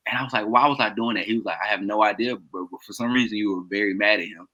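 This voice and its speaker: A man's voice: lowish voice, fast, hardly any pauses, poor audio. A man casually telling a long story to his friends, laughing often and acting out what people said. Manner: animated, laughs often, acts out quoted dialogue. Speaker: podcast co-host telling a story.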